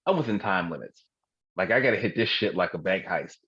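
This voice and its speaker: Husky, low-pitched and a bit bright, this man in his forties talks briskly and with animation while co-hosting a podcast. His humor is frank and profane, and he often laughs at his own jokes. It's a dull, dry lo-fi recording.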